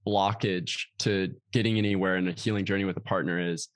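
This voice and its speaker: A man's voice: low-pitched, steady tone, fairly quick. A man talking as a podcast guest in a casual interview, earnest and reflective, now and then acting out his own inner voice with sudden exclamations. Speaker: podcast guest, yoga teacher.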